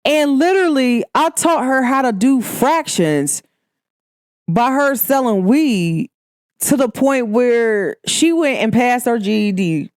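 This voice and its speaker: A woman's voice: fairly high pitch, lively intonation, slow pace, a little mellow, dry recording, clean studio sound. A young American woman from Cincinnati with a Midwestern accent, hosting a podcast in a candid, emphatic, slangy monologue. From Cincinnati, Ohio, USA. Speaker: podcast host. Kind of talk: casual monologue.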